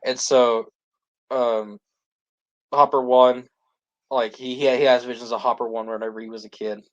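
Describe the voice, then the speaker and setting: A man's voice: medium pitch, flat delivery, moderate pace, dull audio. A man co-hosting a podcast, recapping a series in casual chat full of "like" and restarts. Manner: rambling, heavy use of "like" and restarts. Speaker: podcast co-host.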